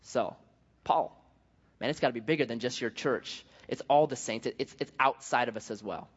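A man's voice: mid-range voice, normal speed, slightly rough. A man preaching a sermon in a conversational, jokey way, often restarting his sentences. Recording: dull sound with long hall reverb.

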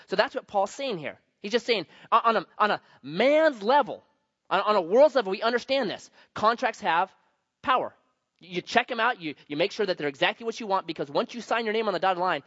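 A male pastor with a voice that sits high teaches from scripture in an easy, conversational way, mixing in anecdotes. He stresses key words with sudden bursts of emphasis, varying his loudness. The dry recording sounds slightly muffled.

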